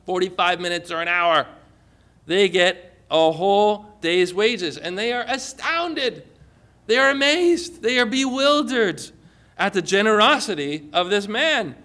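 A male pastor preaching a sermon, retelling a parable with animated storytelling and frequent rhetorical questions. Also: high voice.

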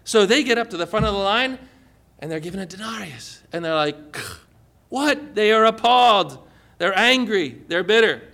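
A male pastor preaching a sermon, retelling a parable with animated storytelling and frequent rhetorical questions. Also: high-pitched, fairly quick.

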